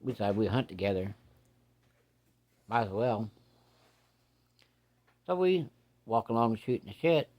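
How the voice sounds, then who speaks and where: Man, low voice, folksy storyteller, slow suspenseful ghost tale. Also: big pitch swings, darkish tone. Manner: plain-spoken, drawling, folksy rural grammar. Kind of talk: casual first-person ghost story.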